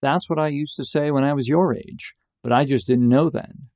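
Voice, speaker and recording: Pushy older Italian seatmate, blunt and mellow-voiced, quoted by a man. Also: mid-range voice, moderate pace, no echo, studio quality, close to an everyday voice. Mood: insistent. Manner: blunt, insistent.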